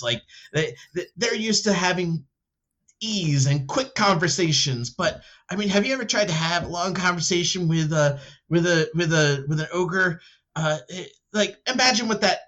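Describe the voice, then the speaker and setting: A man playing a tabletop game who tells in-character stories in a rambling way, with many fillers, laughing, and higher voices for other characters. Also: a bit bright, highs cut off. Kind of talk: in-character role-play storytelling.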